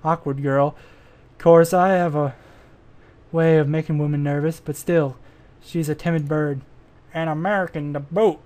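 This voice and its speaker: A man's voice: fairly high pitch, steady tone, a little slow, long pauses, a little mellow, close to an everyday voice. A man voicing a boastful, flirtatious male adventurer in a mystery game, with a drawling, self-satisfied manner. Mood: smug.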